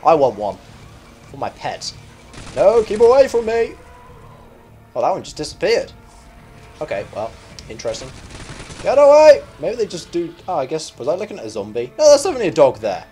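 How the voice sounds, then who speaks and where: A young man giving live gameplay commentary as a gaming YouTuber, excitable, yelping and shouting at the game. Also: medium pitch, fast talker, soft background music.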